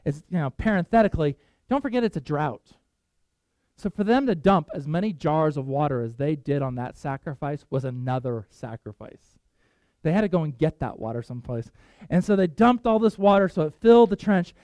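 A male pastor preaching a sermon, telling Bible stories with animated voices for the characters. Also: moderate pace, dry recording. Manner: animated storytelling, voices Bible figures, pitch jumps for excitement.

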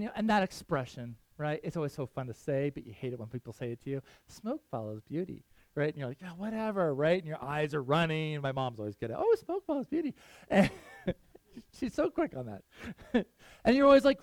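A man's voice: on the high side, big pitch swings, a little fast, no room sound. A middle-aged man preaching a casual sermon, chatting with his listeners, asking them questions and laughing often. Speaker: pastor.

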